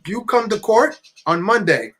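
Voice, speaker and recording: A man imitating an Italian male police officer who is curt and insistent, in a mock Italian accent and halting English. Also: sits high, lively intonation, fairly bright tone, slightly rough, faint music behind, pitched above the performer's own voice, full character voice. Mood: official. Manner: broken halting English, repeats himself.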